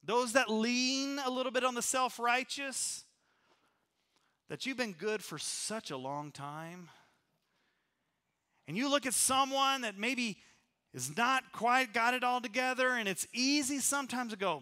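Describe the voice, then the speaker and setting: A pastor delivering a sermon in a church. His voice sits high and sounds bright and forceful. He talks conversationally, restarts phrases and lets lines trail off low. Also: measured pace, smooth.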